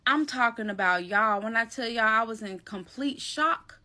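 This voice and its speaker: A woman with a slightly high, crisp and bright voice tells a personal story straight to camera. She is animated and slangy, calling her audience y'all and baby. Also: moderate pace. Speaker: storyteller recounting a personal event. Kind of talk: casual storytime vlog.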